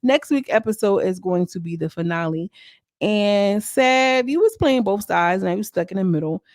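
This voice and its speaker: A young adult woman giving a casual, gossipy recap of a reality show, animated and full of slang. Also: medium pitch, normal speed, dry recording. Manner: animated, slangy, acts out quoted lines.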